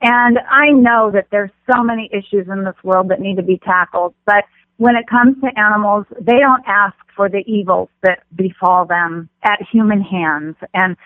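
Earnest woman talking animal rescue over a phone line, tinny and dry, mid pitch. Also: normal speed, no echo. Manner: earnest, impassioned advocate. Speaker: film festival director, guest.

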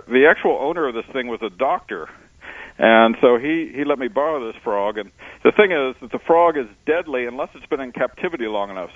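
A male explorer and author, speaking as a guest on a radio interview, tells adventure stories in a relaxed manner peppered with "uh" fillers. His medium-pitched voice comes over a dry, tinny phone line with no echo, recorded on location rather than in a studio.

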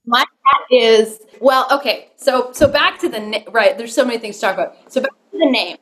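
Chatty, rambling woman with a high voice. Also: brisk, a bit bright, a little hiss or hum. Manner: chatty, rambling, restarts sentences. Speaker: guest, songwriter. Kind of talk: casual video call chat. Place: home with a studio.

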